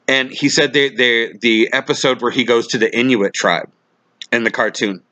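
Male podcast host, forceful bright tone, dry close sound, animated rambling storyteller. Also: mid-range voice, moderate pace, no room sound. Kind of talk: casual interview chat.

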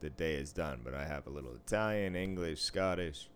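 A man with a very low voice chats casually. He rambles, swears freely and breaks into laughter as he tells his stories. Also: lively intonation, fairly quick, clear, resonant tone. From Boston area, US. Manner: profane, rambling, laughs a lot. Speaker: podcast co-host, casino dealer. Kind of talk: casual chat.

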